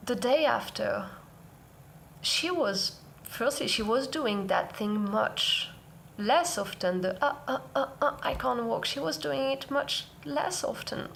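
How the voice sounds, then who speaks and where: Woman, vlog talk, heartfelt and soft, creaky voice, slight background hiss. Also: a little high. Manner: earnest, soft-spoken, reflective. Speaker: parenting vlogger. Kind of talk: heartfelt personal sharing to camera.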